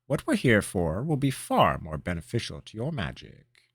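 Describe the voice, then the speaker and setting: A gruff, irritable old mage, curt and dismissive toward his apprentice as a male storyteller does him. His lines come raised and firm, with a lively rise and fall. It is a storybook character voice. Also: on the low side, normal speed, no room sound, clean studio sound, full character voice.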